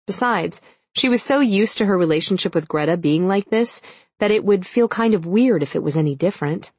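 A woman narrating an audiobook in an even, measured storytelling manner. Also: medium pitch, husky, dry recording. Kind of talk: scripted narration.

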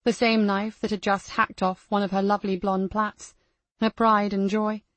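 A woman reading a crime novel aloud as the narrator, in a measured storytelling manner. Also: medium pitch, level tone, fairly bright tone, no echo. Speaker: audiobook narrator. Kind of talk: scripted narration.

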